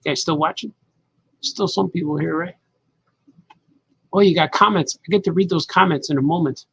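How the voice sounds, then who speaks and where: A man's voice: a little high, normal speed, creaky, fairly bright tone, husky, no room sound, poor audio. A man cartoonist chatting casually to viewers as he colors his comic pages, rambling as he works. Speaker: cartoonist livestreaming his drawing. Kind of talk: casual live commentary while drawing.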